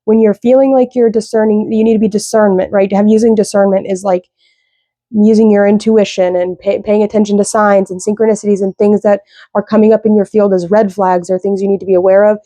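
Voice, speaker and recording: A woman giving a casual tarot reading, rambling with lots of fillers, slow when she reads out card meanings. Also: medium pitch, flat delivery, dark tone, dry recording. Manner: rambling, loose, with many fillers. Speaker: tarot reader.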